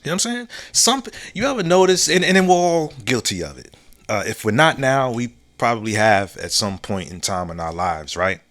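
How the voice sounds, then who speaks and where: A man's voice: on the low side, very animated, fairly bright tone. A man hosting his own podcast, talking casually and reflectively, repeating key phrases, using slang and often asking "you know what I'm saying?". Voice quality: laid-back, drawn-out phrasing with slang and restarts. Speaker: podcast host. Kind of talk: casual solo monologue.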